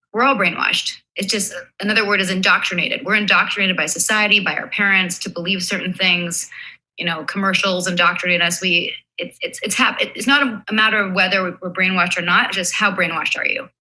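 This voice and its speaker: Bright-voiced woman explaining calmly. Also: mid-range voice, normal speed, low-quality recording. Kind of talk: casual conversation.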